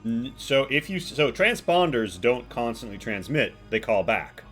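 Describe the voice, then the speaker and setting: A man's voice: mid-range voice, measured pace, a bit bright, faint music behind. A man narrating as game master of a tabletop game, rambling with many fillers.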